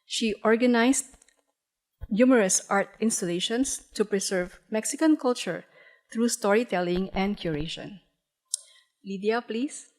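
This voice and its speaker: A museum presenter, a woman, wraps up her lecture in an auditorium and introduces a guest. Her voice sits at a middle pitch. Her delivery is formal and measured, with a few fillers. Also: a little mellow, low-quality recording.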